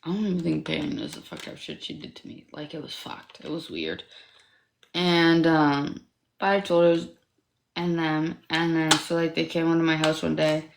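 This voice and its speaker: A woman's voice: deep voice, normal speed, creaky, roomy sound, slight background noise. A young woman in her twenties from Canada, telling a personal story in casual livestream chat, rambling and profane, with constant fillers like "like". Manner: rambling, profane, heavy use of "like".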